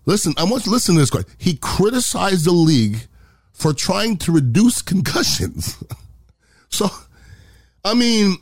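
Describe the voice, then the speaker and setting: A man's voice: sits high, huge pitch swings, moderate pace, pauses often, breathy edge, no echo, clean studio sound. A middle-aged man hosting a podcast, giving a blunt, impassioned opinion monologue. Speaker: podcast host.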